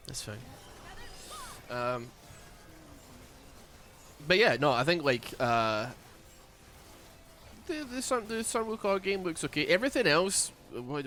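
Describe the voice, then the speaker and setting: Casting: young Scottish streamer with a light accent and a bright, lively voice, rambling chat, faint game music underneath. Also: male voice, medium pitch. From Scotland. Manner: chatty, rambling, bursts into excited yells. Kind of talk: casual gaming stream chat.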